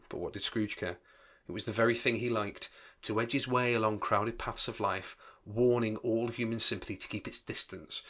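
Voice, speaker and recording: Man, teacher, low voice, read-aloud, explanatory asides. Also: fairly even intonation, normal speed, fairly bright tone. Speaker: English teacher. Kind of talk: read-aloud with rambling commentary.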